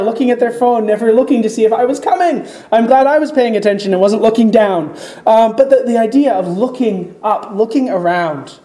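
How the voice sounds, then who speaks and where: A preacher giving a reflective sermon, slowing down when reading scripture aloud. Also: medium pitch, warm tone. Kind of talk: sermon on a psalm. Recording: echoey room.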